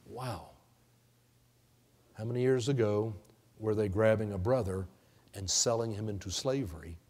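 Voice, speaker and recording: A man preaching a sermon as pastor, retelling a Bible story with lively storytelling and acted-out character voices. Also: lowish voice, unhurried, husky. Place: church sanctuary. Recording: long church-hall reverb.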